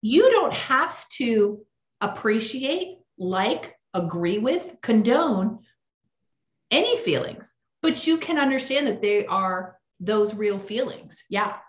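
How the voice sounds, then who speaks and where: A woman hosting a podcast interview, talking in a pragmatic, brisk and direct way. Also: fairly high pitch, sing-song, reverberant. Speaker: podcast host.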